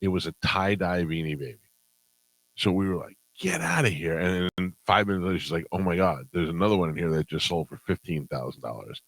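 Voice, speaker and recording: A man's voice: deep voice, fast talker, no echo, low-quality recording. A male radio host in casual chat, telling a long story with amusement and frequent laughter.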